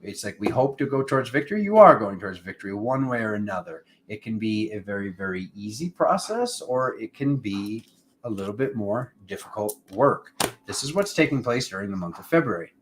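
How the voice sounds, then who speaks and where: A man with a fairly low voice gives a casual tarot reading, chatty and wandering. He jokes, breaks off into asides to people in the room, and now and then calls on cosmic forces in an incantatory tone. A faint hiss sits under the recording. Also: very animated, a little fast. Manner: rambling and playful, with asides to people off camera. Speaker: tarot reader.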